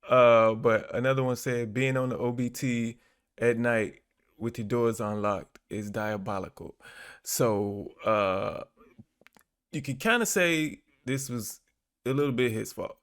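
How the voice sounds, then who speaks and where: A man hosting a casual commentary channel, reacting to clips in a relaxed, chuckling, halting way. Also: medium pitch, clear, resonant tone. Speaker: host.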